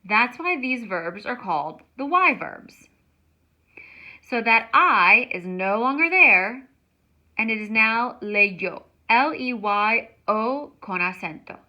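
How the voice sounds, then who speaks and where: A woman teaching a Spanish grammar lesson, explaining slowly and stretching words out to show how they sound. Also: fairly high pitch, expressive, highs cut off.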